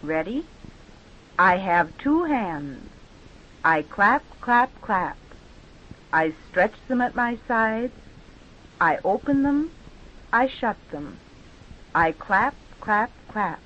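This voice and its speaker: A woman teacher leading children through movement and speech exercises with slow, patient, drawn-out instructions. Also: mid-range voice, sing-song, fairly bright tone. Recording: dull lo-fi recording.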